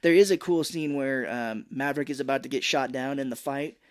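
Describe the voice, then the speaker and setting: A man co-hosting a casual movie podcast, retelling scenes and dropping into quick impressions of the characters. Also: medium pitch. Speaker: podcast co-host.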